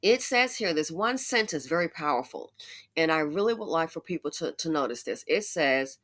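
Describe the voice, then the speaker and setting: A woman giving a casual commentary monologue in a conversational way, with animated asides. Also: sits low, moderate pace. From United States. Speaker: commentary YouTuber.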